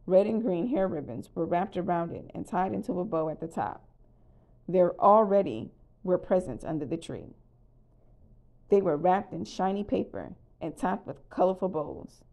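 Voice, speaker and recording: A woman calmly narrating a children's storybook read-aloud. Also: fairly low pitch, moderate pace, creaky. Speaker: storybook reader.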